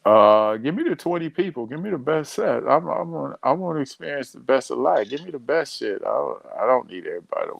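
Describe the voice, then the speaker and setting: A man's voice: medium pitch, very animated, a little fast, vocal fry, few pauses. A male comedian on a talk show, joking and rambling, often restarting his phrases. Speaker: comedian guest.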